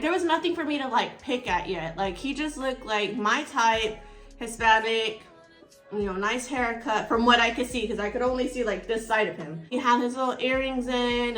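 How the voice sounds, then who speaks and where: A woman's voice: a little high, a bit bright. A woman, chatting casually as she tells a story while getting ready at home. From Texas. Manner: chatty, rambling, acts out dialogue. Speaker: storytime YouTuber. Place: at home indoors by a window.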